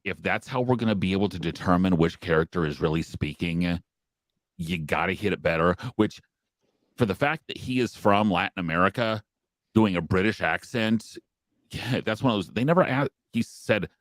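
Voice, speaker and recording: A man co-hosting a podcast, talking casually with hesitant pauses and fillers. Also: sits low, no room sound. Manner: hesitant, many ums. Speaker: podcast co-host. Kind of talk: casual discussion.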